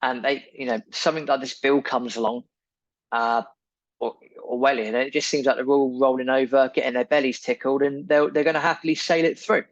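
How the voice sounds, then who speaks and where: A man's voice: medium pitch, steady tone, a little fast, dry recording, highs cut off. Indignant male podcast host. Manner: indignant, emphatic and repetitive. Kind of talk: opinion monologue.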